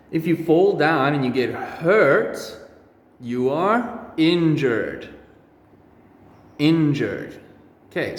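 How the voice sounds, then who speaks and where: A man teaching English words to children, slowly repeating each one with exaggerated pronunciation in a classroom. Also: a little high. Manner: drawn-out, exaggerated word drills. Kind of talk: slow repeat-after-me pronunciation lesson for children. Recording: echoey room with long reverb.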